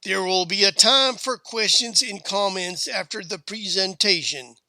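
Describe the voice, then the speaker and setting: A man voicing a tough frontier woman gunslinger with quiet authority, speaking in a dry western drawl. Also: high voice, measured pace, dry recording, pitched above the performer's own voice, heavily acted.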